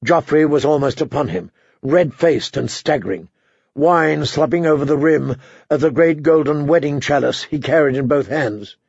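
A man narrating a fantasy novel as an audiobook, with measured, dramatic storytelling. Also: fairly high pitch, creaky, a little mellow, breathy edge, no echo. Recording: dull, muffled audiobook recording.

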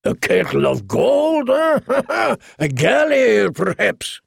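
A man voicing a sly, greedy male merchant prince who teases and bargains in a slow, drawling way. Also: very high voice, big pitch swings, gravelly, breathy edge, dry recording, studio quality, voice pushed up, heavily acted. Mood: sly wheedling.

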